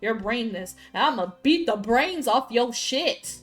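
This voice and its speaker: A woman streaming a story game, reading its text aloud and breaking into loud, profane outbursts. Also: fairly high pitch, lively intonation, measured pace, soft background music. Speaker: gaming streamer.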